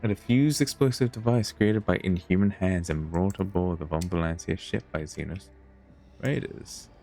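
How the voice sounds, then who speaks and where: Deep-voiced male streamer reading a game. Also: normal speed, vocal fry, mellow, soft background music. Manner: casual, chatty asides with chat.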